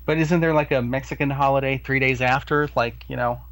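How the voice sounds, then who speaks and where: A man co-hosting a podcast who fires off quick, deadpan quips in casual chat. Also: medium pitch, rough recording. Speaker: podcast co-host.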